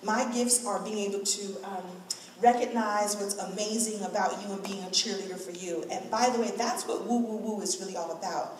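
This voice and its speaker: A middle-aged woman speaking to an event crowd, telling a personal story in an animated way and acting out the voices she quotes. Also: mid-range voice, a little fast. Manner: expressive, acts out quoted voices, laughs often. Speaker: guest speaker at a hair event. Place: large event room. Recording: echoey hall from far off.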